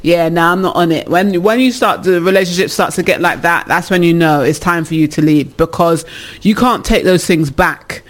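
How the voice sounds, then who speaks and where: A man's voice: fairly high pitch, moderate pace. A man hosting a casual advice show, reading listener letters and giving frank opinions, laughing often.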